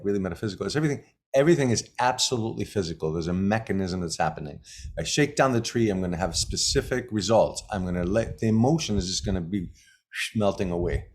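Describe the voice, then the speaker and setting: Guy with a lowish voice telling stories as a teacher, repeats his points a lot. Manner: emphatic, repeats key phrases. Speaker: shamanism teacher. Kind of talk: casual teaching talk with personal stories.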